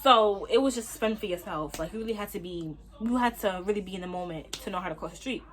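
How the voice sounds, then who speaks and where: Animated young New woman telling a story. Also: mid-range voice, quick pace. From Brooklyn, New York. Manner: animated, slangy, talks straight to viewers. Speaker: vlogger. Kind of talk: casual storytime. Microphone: phone.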